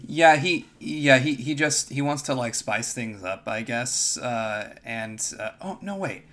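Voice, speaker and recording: A man in casual podcast chat with an everyday mid-range voice. He drops dry, wry remarks between his co-host's stories. His delivery stays relaxed and plain. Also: mid-range voice, a little slow. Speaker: podcast co-host.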